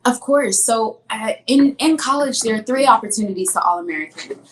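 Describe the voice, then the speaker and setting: A woman's voice: on the high side, animated, a little fast, a little hiss or hum. A young adult woman, a guest athlete on a podcast, telling stories casually and acting out her own past words. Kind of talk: casual storytelling in an interview.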